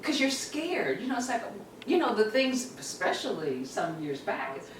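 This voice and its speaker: A middle-aged woman, a mother, telling a family story in casual chat, animated and acting out what people said. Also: on the high side, moderate pace, a little hiss or hum. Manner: animated storyteller, laughs and acts out quotes. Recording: roomy, slightly distant mic with faint ambience.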